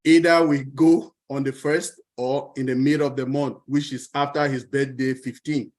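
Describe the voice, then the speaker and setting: A man's voice: mid-range voice, level tone, moderate pace, a little mellow. Grateful man speaking on a video call. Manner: grateful, earnest. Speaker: webinar participant. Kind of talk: thank-you speech.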